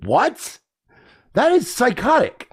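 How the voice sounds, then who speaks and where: A man's voice: very high voice, huge pitch swings, takes it slowly, breathy edge. A man hosting a podcast, ranting casually and indignantly with plenty of profanity. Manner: profane, indignant, mocks others in put-on voices. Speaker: podcast host. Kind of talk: casual rant to camera.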